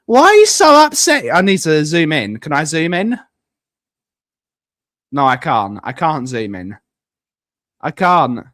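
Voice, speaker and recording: Reading out viewer comments under his breath, an Essex-accented man responds casually on his live stream, stretching words for emphasis. He has a slightly high, somewhat bright voice, recorded with clean studio sound and no echo.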